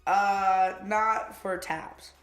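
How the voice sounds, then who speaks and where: A hoarse young man co-hosting a casual podcast, laid-back and quick to laugh. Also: sits high, fairly even intonation, fairly bright tone, soft background music. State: hoarse, voice nearly gone. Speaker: podcast co-host. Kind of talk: casual chat. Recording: echoey room.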